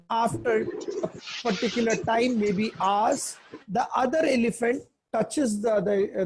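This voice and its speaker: A man's voice: high-pitched, vocal fry, a little mellow, husky, low-quality recording. A man giving a spiritual discourse, teaching earnestly and emphatically through animal fables.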